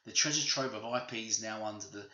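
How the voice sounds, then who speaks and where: A man hosts a gaming video, hammering home his opinions with emphatic, repetitive phrasing. His voice is sharp and bright. The room echoes around him, and the recording sounds a little dull. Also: lowish voice, fairly quick. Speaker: gaming channel host.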